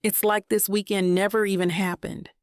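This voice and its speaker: A woman's voice: medium pitch, flat delivery, normal speed, no room sound, clean studio sound, close to an everyday voice. A woman voicing an anxious young event planner who pleads and apologizes. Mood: pleading.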